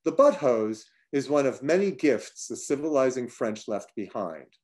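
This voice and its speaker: A man reads his own personal prose aloud. His storytelling is dry and wry. His voice sits at an ordinary middle pitch. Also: expressive, a little slow, darkish tone. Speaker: writer reading his own work.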